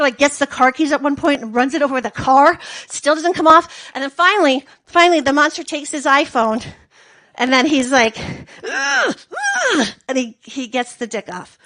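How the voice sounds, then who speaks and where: Brief: high-pitched woman comic, deadpan, rambling long-form stand-up on stage. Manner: rambling, deadpan storytelling with filler words. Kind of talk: stand-up comedy set.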